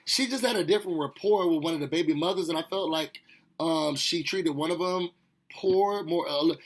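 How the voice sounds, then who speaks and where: A man with a high, husky voice recaps a reality show in a loose, chatty way. He talks straight to his viewers, animated and sassy, full of asides and playful jabs. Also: fairly quick. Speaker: TV recap host. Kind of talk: casual recap commentary.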